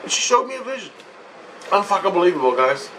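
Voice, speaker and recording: A man's voice: high-pitched, quick pace, recorded from a distance, slight background noise, low-quality recording. Blunt, profane man telling a story. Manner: blunt, profane, animated retelling. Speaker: vlogger. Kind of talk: casual storytelling.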